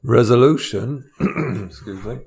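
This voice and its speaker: A man's voice: mid-range voice, a little slow, vocal fry, crowd noise. A man co-hosting a comedy podcast, reading out prompts with dry, wry asides. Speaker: co-host.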